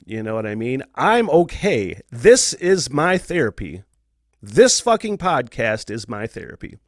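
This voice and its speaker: A man's voice: mid-range voice, big pitch swings, unhurried, no room sound, clean studio sound. A man hosting his own podcast, talking candidly and casually, swearing a lot and laughing often. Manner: profane, rambling, laughs often. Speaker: podcast host.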